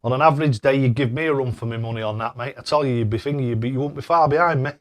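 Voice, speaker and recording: A man's voice: medium pitch, very fast. An older man chatting casually on a live stream, reading out viewer messages and throwing darts, laughing often and fumbling over tricky names. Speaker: darts livestreamer reading chat.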